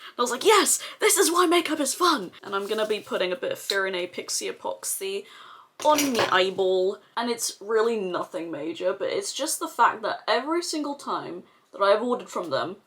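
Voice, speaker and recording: A woman's voice: medium pitch, animated, moderate pace, fairly bright tone. A woman chatting casually while doing her makeup, swearing freely and filling her talk with "like". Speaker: makeup vlogger.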